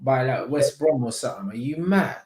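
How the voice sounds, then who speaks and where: A man with a London accent co-hosting a football chat, blunt and slangy, quick to back up his partner. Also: mid-range voice, lively intonation, darkish tone. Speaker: co-host. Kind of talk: live-stream football chat. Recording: echoey room.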